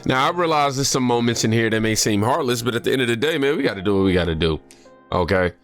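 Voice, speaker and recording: A man's voice: medium pitch, animated, fast talker, faint music behind. A man hosting a reaction video, chatting loosely and reading posts aloud while sick and short of breath. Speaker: reaction channel host. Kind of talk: casual reaction commentary.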